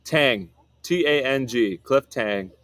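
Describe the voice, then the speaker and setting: A man's voice: mid-range voice, animated, slow pace, a bit bright, no room sound. A man hosting a podcast in casual chat, laid-back, often saying dude and laughing. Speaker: podcast host.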